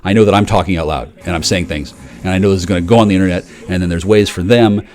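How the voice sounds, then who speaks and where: Man, lowish voice, fast swearing rant, lots of restarts, streaming panel talk. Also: a little mellow. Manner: profane, rapid, repetitive restarts. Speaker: livestream panel guest. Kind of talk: rambling conspiratorial monologue.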